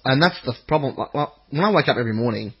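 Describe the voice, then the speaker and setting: A man's voice: mid-range voice, lively intonation, racing, slightly rough. A man co-hosting a football podcast in casual chat, laid-back and joking, on dull lo-fi audio. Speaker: podcast co-host.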